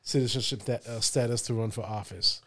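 A man co-hosting a casual podcast chat, speaking haltingly with repeated words and soft, trailing phrases. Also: mid-range voice, steady tone. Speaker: podcast co-host.

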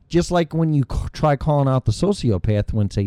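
A man's voice: fairly high pitch, expressive, brisk, few pauses, warm tone, smooth, no room sound, clean studio sound. A middle-aged man hosting his own show, delivering a heated, rambling monologue full of profanity. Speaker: show host. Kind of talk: ranting monologue.

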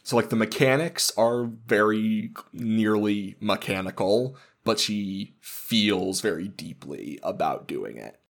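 A man with a fairly low voice and a gravelly, creaky texture. He hosts a relaxed book-club podcast, explaining things patiently and laughing often. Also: slow, hardly any pauses. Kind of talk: casual book discussion.

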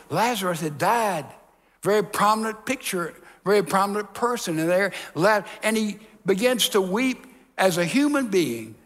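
A man preaching a radio sermon, reading scripture aloud and explaining it in an earnest, emphatic way that lingers on key words. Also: sits high. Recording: long hall reverb with faint music.

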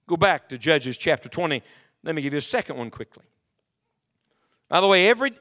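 A pastor with a high, fairly bright voice addresses his congregation in a church sanctuary. Between readings of scripture in King James language, he asks the room pointed, emphatic questions.

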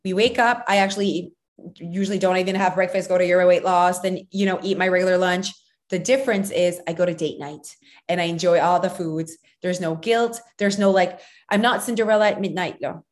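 A woman with a French first language co-hosting a casual podcast, talking in an animated, emphatic way full of "like" and "you guys". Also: fairly low pitch, fairly quick. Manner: animated, emphatic, sprinkled with fillers. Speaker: podcast co-host, nutrition coach.

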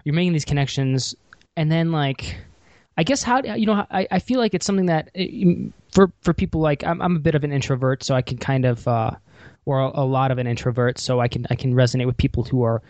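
A man's voice: mid-range voice, fast, darkish tone, no echo, muffled recording. A man hosting a podcast in a casual chat, rambling and restarting with many fillers. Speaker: podcast host.

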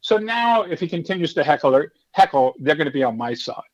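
A fairly high-pitched man speaks fairly quickly in a recording with its highs cut off. Once a stand-up comedian and now in his fifties, he tells stories casually during an interview, animatedly acting out each person and voicing the hecklers in character.

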